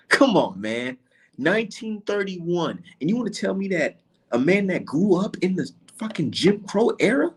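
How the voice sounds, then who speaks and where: Ranting husky man, voice swinging wildly. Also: high voice, normal speed. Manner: animated, profane, sarcastic, rhetorical questions. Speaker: commentator. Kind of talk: heated rant to camera.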